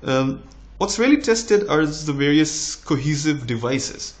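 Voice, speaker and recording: A young man in his twenties with a slight American tinge, a doctor giving relaxed, encouraging exam tips in a casual vlog. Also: a little slow. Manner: relaxed, encouraging, with lively rises in pitch.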